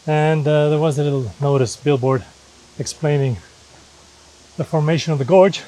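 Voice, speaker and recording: A man's voice: a little high, fairly quick, warm tone, rough recording. A man vlogging while walking through a river gorge, explaining the sights to a handheld camera in a casual, chatty way. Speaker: travel vlogger. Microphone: handheld camera held aloft.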